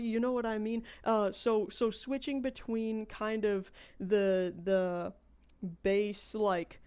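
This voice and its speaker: A chatty American woman on a game livestream, her voice sitting a little high for a woman. She rambles and thinks aloud, explaining her ideas at length between moves in the game. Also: a little mellow. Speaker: game streamer. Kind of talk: casual livestream chat.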